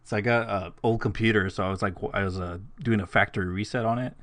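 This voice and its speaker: A man's voice: lowish voice, steady tone, fast, fairly bright tone, dry recording. A man co-hosting a podcast in casual chat, joking in an offhand way. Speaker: podcast co-host.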